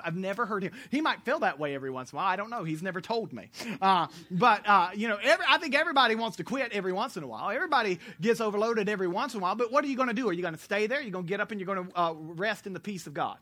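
A pastor from the United States preaching a sermon, animated, joking with the congregation and correcting himself as he goes. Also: high-pitched, fast talker.

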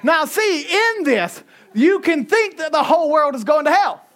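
A man preaching a sermon in a fiery style, often shouting with rising pitch, with a Southern American accent. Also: big pitch swings, moderate pace.

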